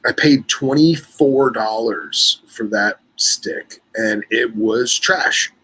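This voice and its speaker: A man co-hosting a podcast, chatting in a relaxed, self-mocking way. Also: mid-range voice, slow, slightly rough, rough recording. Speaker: podcast co-host. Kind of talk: casual chat.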